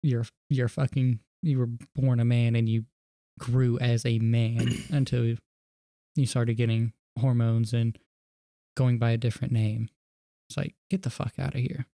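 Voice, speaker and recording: A man's voice: medium pitch, flat delivery, unhurried, creaky, warm tone, no echo, clean studio sound. A man in casual podcast chat, blunt and profane, ranting about sports rules.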